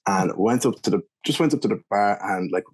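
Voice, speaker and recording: A man's voice: on the low side, lively intonation, fairly quick, husky. A young man with an Irish accent, telling a long anecdote in a casual, rambling interview style with lots of fillers and restarts. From Ireland. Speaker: guest, beer reviewer.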